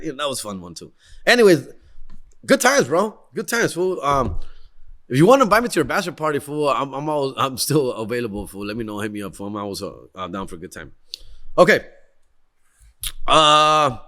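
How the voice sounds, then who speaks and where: A young man tells wild stories on his podcast, slangy and excitable, dropping Spanish in as he goes. His voice is forceful and tense. It sits a touch higher than most men's. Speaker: podcast host. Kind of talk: casual storytelling.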